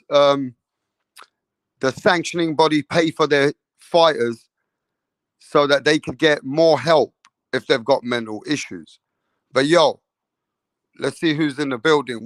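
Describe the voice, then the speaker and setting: Profane boxing livestream host, higher voice. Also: male voice, no echo. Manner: loose, profane, hypes up chat with shout-outs. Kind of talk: casual livestream chat reading comments.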